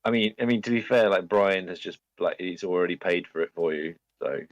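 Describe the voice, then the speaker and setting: A man's voice: low-pitched, fairly quick, no echo. A man in voice chat on a gaming stream, matter-of-fact, reading out facts as he checks them. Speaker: co-host in voice chat. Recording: dull lo-fi voice chat.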